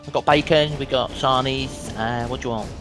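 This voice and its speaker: A man voicing a brash, chummy male cafe worker who talks in a slangy, gruff way. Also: medium pitch, fairly even intonation, moderate pace, over loud music, lightly acted. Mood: brusque.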